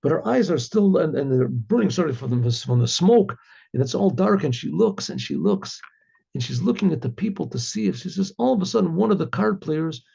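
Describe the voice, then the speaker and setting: Telling a story as a rabbi, a man with a fairly high, husky, gravelly voice narrates briskly and animatedly acts out the characters' voices. He keeps clearing his throat. The recording sounds dull and lo-fi.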